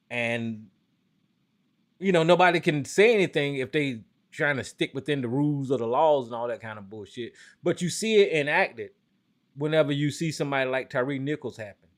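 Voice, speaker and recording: Call-in host, male, slightly high voice, AAVE, heated cursing rant. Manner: animated, cursing, talks to viewers while searching online. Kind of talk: profane political rant.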